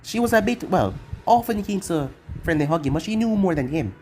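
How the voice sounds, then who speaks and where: A narrator reading fan fiction aloud in an even, machine-like way, with odd misreadings. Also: mid-range voice, fairly quick, faint music behind.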